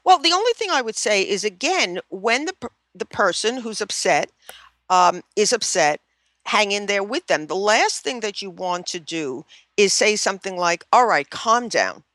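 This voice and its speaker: A woman's voice: medium pitch, animated, moderate pace, a bit bright, no echo. A middle-aged woman, a relationship therapist, talking casually as a podcast guest and often acting out example phrases. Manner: chatty, acts out example phrases, many fillers like "you know".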